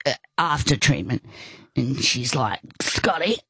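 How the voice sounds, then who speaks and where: An older woman, telling a personal story in conversation, halting, with frequent restarts and asides. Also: sits low, expressive, husky, dry recording. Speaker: guest.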